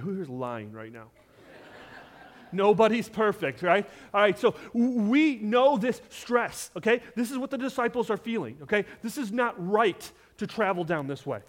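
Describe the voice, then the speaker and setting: Brief: male pastor, mid-sermon, animated, quizzes the room, drops to hushed asides, voice sits a bit high. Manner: animated, questions the congregation directly; swings between loud emphasis and hushed asides.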